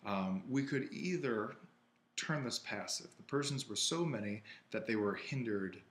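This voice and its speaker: A man's voice: on the low side, animated, measured pace, a bit bright, slight background noise, poor audio. A man teaching an ancient Greek exercise, thinking aloud and correcting himself as he writes. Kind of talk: worked-exercise lesson.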